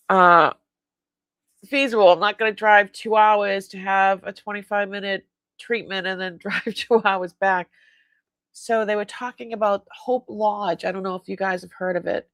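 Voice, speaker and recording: Woman host for a home live-sale stream, chatty and quick to laugh, mid-range voice, dry close sound. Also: mid-range voice, steady tone, a bit bright, clear, resonant tone, no room sound. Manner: chatty storyteller, laughs often, acts out dialogue. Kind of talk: casual live-stream chat.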